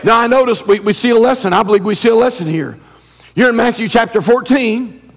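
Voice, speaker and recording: A pastor preaching a fervent sermon, reading old-style scripture and building to shouted refrains. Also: male voice, very high voice, a little fast. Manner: reads scripture in King James wording.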